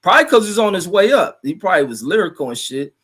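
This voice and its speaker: A man's voice: high-pitched, very animated, quick pace, fairly bright tone, breathy edge. A middle-aged man hosting a casual livestream, rambling loosely and profanely while he reads viewer comments aloud and reacts to them. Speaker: livestream host reading chat.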